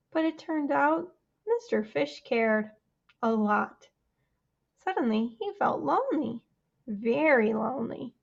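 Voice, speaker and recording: Animated woman reading a storytime book. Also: high voice, slow, vocal fry, dull audio. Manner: animated, chatty, asks children questions. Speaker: children's librarian. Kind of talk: storytime read-aloud for children.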